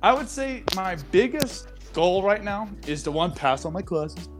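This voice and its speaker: A man's voice: high voice, expressive, a little slow, over music. A young man hosting a casual podcast from his desk at home, talking in a rambling, candid way full of fillers and restarts. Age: young adult. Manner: rambling, open and candid, with frequent fillers and self-interruptions. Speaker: podcast host. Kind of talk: casual chat.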